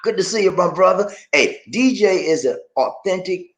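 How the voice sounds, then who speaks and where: Male live-stream host, casual, lively ups and downs in pitch, chatty, drops "man" a lot. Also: normal speed. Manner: animated, chatty, often says "man"; swings between excited high bursts and low serious talk. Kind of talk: casual live-stream chat, reading viewer comments.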